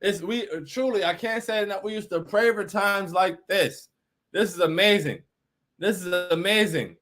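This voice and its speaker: A man's voice: sits high, normal speed, a bit bright. A man hosting a postgame fan stream, reading chat messages aloud and reacting in a hyped, emphatic voice that repeats lines for effect.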